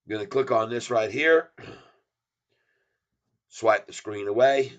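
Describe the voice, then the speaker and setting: A man's voice: medium pitch, measured pace, dull audio. A man hosting a long stock market livestream, chatting casually and rambling as he thanks viewers by name. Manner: tries broken French and Spanish.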